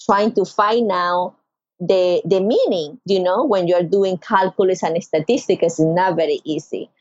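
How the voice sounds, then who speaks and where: A woman's voice: a little slow, dry recording, muffled recording. A middle-aged woman from Venezuela with a Venezuelan Spanish accent, a podcast guest telling an emotional personal story and acting out quoted voices. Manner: expressive, acts out quoted voices with big pitch jumps.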